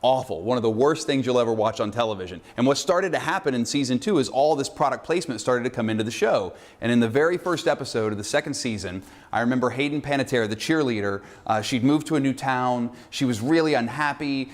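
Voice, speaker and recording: A filmmaker sending a casual video message to introduce a screening. He tells an animated, exasperated story. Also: mid-range voice, quick pace.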